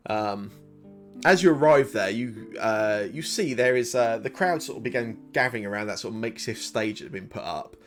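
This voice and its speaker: A man's voice: on the low side, normal speed, soft background music. A man narrating a tabletop game as game master, loose and hesitant with many fillers.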